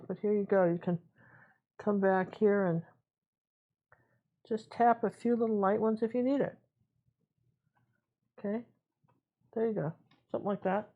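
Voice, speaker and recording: Woman painting instructor, casual running commentary, mid-pitched, slightly muffled audio. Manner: relaxed, chatty, talks to herself while working. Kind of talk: live painting tutorial.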